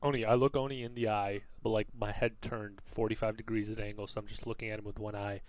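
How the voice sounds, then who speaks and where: A man co-hosting a comedy podcast, boastfully play-acting a quick fighter in an improvised scene. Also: on the low side, little pitch movement. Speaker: podcast co-host. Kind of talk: comic improvised role-play.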